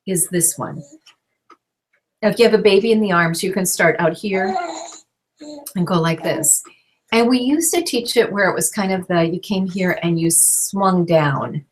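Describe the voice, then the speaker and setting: A woman teaching a live online class over a call, chatty and gentle as she explains. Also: lowish voice. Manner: gentle, chatty, breaks off to soothe a baby. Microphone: call microphone.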